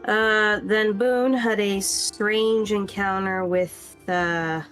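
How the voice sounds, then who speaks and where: A woman running a tabletop game over voice chat, recapping the last session in a casual, quick way with many fillers. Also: mid-range voice, fairly even intonation, fairly bright tone, soft background music. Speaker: game master.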